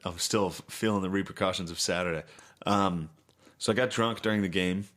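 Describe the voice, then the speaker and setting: A man's voice: deep voice, fairly even intonation, a little fast. A young man co-hosting a podcast, telling crude, laid-back stories in casual chat. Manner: crude, laid-back storytelling with sudden yelled impressions. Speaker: podcast co-host.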